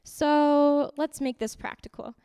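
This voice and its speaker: A woman giving an interactive youth sermon in a church hall, lively and repeating her points to keep the group's attention. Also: high voice, slow pace. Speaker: youth teacher. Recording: long hall reverb.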